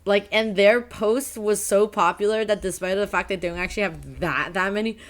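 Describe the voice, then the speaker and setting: A woman's voice: medium pitch, normal speed. A woman co-hosting a casual podcast chat, rambling with lots of fillers and frequent laughter. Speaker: podcast co-host.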